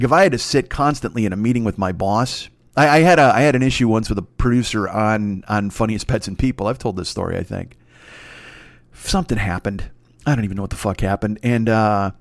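A man's voice: medium pitch, dry recording, studio quality. A man, a comedy writer, telling a rambling, profane and self-mocking story in casual podcast chat. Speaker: podcast host.

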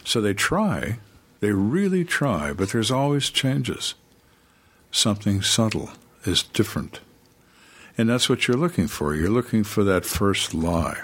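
A man's voice: lowish voice, slightly rough. An older man, a retired homicide detective, telling stories in an interview with dry emphasis and acting out the people in them. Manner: dry, emphatic storyteller who acts out suspects' lines. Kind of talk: storytelling in conversation.

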